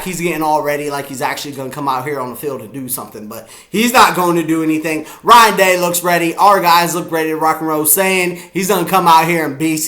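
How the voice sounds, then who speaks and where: A man's voice: a little high, sharp tone, reverberant. A man reacting live to a football game, boastful and rambling. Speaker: sports fan vlogger.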